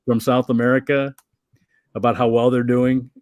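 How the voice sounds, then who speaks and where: A man's voice: medium pitch, flat delivery, normal speed, a little mellow, no room sound. A man in his forties chatting easily as a comedian guest, laughing often and restarting his sentences. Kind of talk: casual chat. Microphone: video call.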